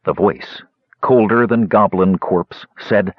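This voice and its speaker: A man narrating a fantasy audiobook in a measured, expressive reading style. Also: lowish voice, breathy edge, no echo. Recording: dry, dull lo-fi recording.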